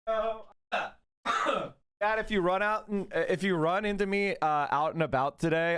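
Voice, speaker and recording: A man streaming casually to his chat, animated, sarcastic and profane. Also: fairly high pitch, normal speed, clean tone, dry recording. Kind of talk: casual livestream commentary.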